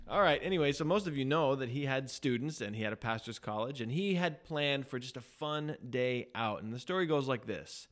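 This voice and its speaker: A man co-hosting a casual podcast, chatting and reading a story aloud, quick to laugh at himself. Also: medium pitch, animated. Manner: chatty, laughs at himself, reads quotes with emphasis. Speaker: podcast co-host.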